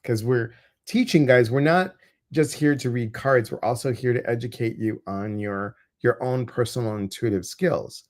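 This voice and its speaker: On a casual livestream, a chatty male co-host reads out viewers' questions and oracle cards. His middle-pitched voice keeps a loose delivery, full of teasing asides and bad dad jokes, at a moderate pace.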